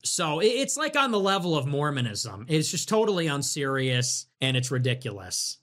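This man's fairly high, slightly bright voice swings widely in pitch at a moderate pace. Hosting a livestream, he delivers a commentary rant full of sarcasm and mockery aimed at his chat.

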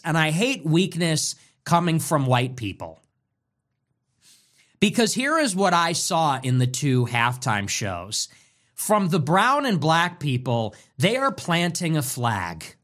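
A man's voice: fairly high pitch, big pitch swings, takes it slowly, a bit bright. A man delivering a scornful, mocking rant as a political commentator, hammering points through repetition. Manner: contemptuous, mocking, emphatic repetition. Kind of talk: ranting monologue.

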